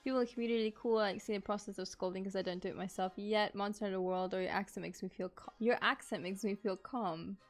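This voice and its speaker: A woman streamer talking casually on a live stream, reading out viewer messages as they come in. She laughs often and apologizes easily, her voice sitting at an ordinary middle pitch. Soft music plays faintly in the background. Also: steady tone, fast, few pauses. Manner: chatty, reads chat aloud, laughs often, apologetic. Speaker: streamer, figure sculptor.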